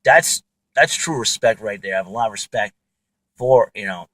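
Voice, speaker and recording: A man's voice: lowish voice, lively intonation, moderate pace, a bit bright, rough recording. A man hosting his own podcast, talking alone in a rambling way with many fillers and restarts. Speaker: podcast host. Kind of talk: casual monologue.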